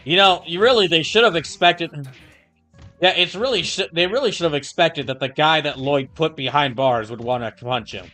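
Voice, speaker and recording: A man's voice: fairly high pitch, normal speed, pushed and bright, soft background music. Chatty male game streamer. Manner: chatty, reads chat aloud. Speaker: livestreamer. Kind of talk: casual gaming commentary.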